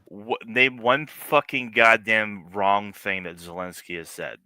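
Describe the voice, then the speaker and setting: A man's voice: lowish voice, slow pace, bright, forceful tone, clean tone, no echo. A man streaming live, reacting to a news clip with profane, sarcastic commentary and laughing asides. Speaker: livestream political commentator.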